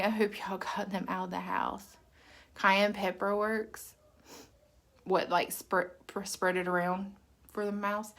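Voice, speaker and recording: A woman hosts a casual live stream. She chats freely, reads viewer comments out loud and laughs often. Her voice is bright and forward. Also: mid-range voice. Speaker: makeup seller livestream host.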